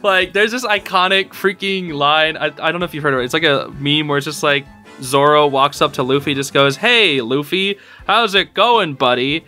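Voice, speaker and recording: Bright, excitable male podcast host. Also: on the high side, brisk, soft background music. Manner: excitable, rambling, laughs often. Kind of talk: casual podcast chat.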